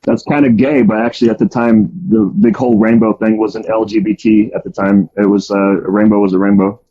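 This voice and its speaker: A man's voice: lowish voice, level tone, a little fast, dark tone. A man casually telling his life story, rambling with many ums and restarts. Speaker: storyteller guest. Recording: dull lo-fi sound.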